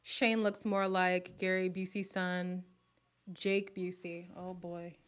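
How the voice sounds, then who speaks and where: A woman hosts a relaxed live stream from home. She chats in a playful, gossipy way, often laughs, and sometimes slips into a whisper. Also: on the low side, slow, clear, resonant tone. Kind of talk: casual live chat reacting to viewer comments.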